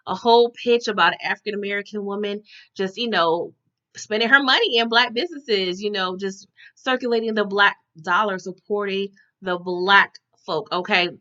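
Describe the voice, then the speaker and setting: A woman's voice: medium pitch, moderate pace, bright, forceful tone, dull audio. A woman recapping a TV episode in casual chat, often tagging her sentences with "okay?". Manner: chatty, tags lines with "okay?".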